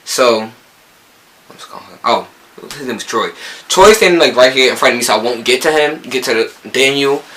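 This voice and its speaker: A man's voice: medium pitch, lively intonation, moderate pace, a bit bright, low-quality recording. A young man from New Jersey with a local accent, telling a rambling storytime vlog full of quoted dialogue. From Newark, New Jersey. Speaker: vlogger. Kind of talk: casual storytime.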